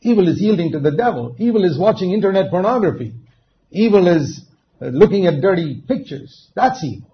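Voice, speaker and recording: A man preaching a sermon, emphatic, dropping to quiet asides and then rising to loud, stressed words. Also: sits high, lively intonation, brisk. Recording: dull lo-fi recording with faint noise.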